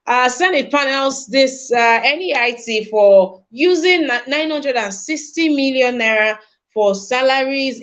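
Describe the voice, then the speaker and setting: A woman's voice: on the high side, fairly bright tone. A woman hosting a newspaper review panel, thinking aloud with many fillers and restarts. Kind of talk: casual panel discussion.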